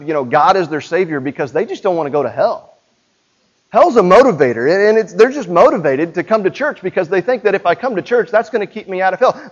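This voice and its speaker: High-voiced pastor preaching in conversation. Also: male voice, dull audio. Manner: conversational, asks the congregation direct questions. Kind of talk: sermon.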